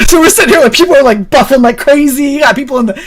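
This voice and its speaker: A woman's voice: sits high, expressive, racing, slight background noise. A young adult woman co-hosting a stream, telling a story casually, swearing and laughing often. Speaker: stream co-host.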